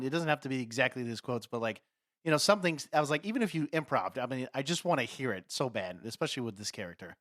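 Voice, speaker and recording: A man co-hosting a podcast, riffing on ideas in an animated, casual way. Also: medium pitch, quick pace, no room sound, clean studio sound. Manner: animated, riffs on ideas, laughs. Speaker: podcast co-host. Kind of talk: casual chat.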